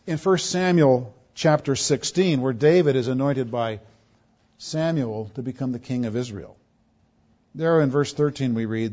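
A man preaching a sermon, his voice swelling on key words and dropping low, often repeating words as he restarts. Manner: preaching with emphatic swells and soft drops. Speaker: pastor. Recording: dull lo-fi sound.

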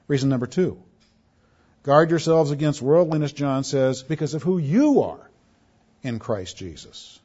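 Emphatic preacher, lo-fi recording. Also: male voice, a little high. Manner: preaching with emphatic swells and soft drops; repeats words when restarting. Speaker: pastor. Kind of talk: sermon. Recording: dull lo-fi sound.

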